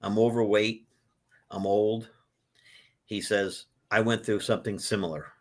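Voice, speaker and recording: Older guy in his 60s spilling a heartfelt story, lowish voice, gets loud and worked up. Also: unhurried. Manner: animated storyteller, voice swells when moved. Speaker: author guest. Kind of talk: emotional storytelling in an interview.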